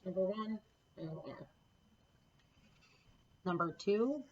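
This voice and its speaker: A woman's voice: fairly low pitch, lively intonation, measured pace, pauses often, fairly bright tone, breathy edge, highs cut off. A woman teaching a recorded phonics lesson to children, patient and encouraging, spelling out letter sounds one by one. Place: home classroom setup with a board.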